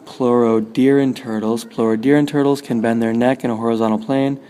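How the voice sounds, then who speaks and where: A man touring a museum, chatting casually in a quiet, offhand way. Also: mid-range voice, steady tone, fairly quick. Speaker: travel vlogger. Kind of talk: casual museum walk-through commentary. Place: indoor museum hall.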